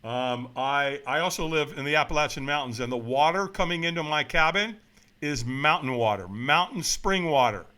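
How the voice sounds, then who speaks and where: A man's voice: a little high, normal speed, bright, forceful tone. A man in his seventies, a guest on an interview, talking in an emphatic, blunt, motivational way. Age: 70s. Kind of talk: casual interview talk.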